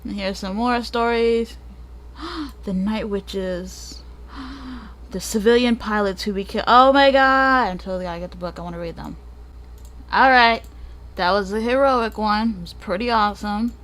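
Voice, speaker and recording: A woman's voice: medium pitch, fairly even intonation, normal speed. A woman hosting a gaming channel, reading a book aloud and breaking off for joking asides, sometimes stumbling over hard names.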